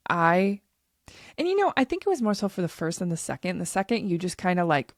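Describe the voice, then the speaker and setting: A woman's voice: fairly low pitch, sing-song, fairly quick, no echo, clean studio sound. A woman in her thirties hosting a podcast, telling a personal story in a candid, emotional way and swearing freely. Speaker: podcast host.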